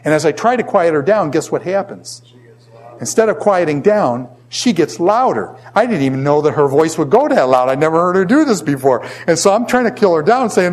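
A man's voice: a little high, sing-song, normal speed, a little mellow. A man in his fifties teaching a class in a conversational lecture, repeating his points and acting out quoted voices.

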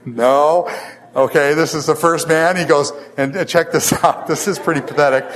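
Man, middle-aged, Bible class lecture, somewhat high voice, rhetorical questions. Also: normal speed, a bit bright. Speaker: Bible teacher.

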